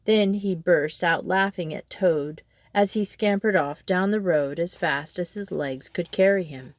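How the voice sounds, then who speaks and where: Woman, storybook narration, lowish voice, dry close sound, steady expressive reading. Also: unhurried, dry recording. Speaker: storybook reader.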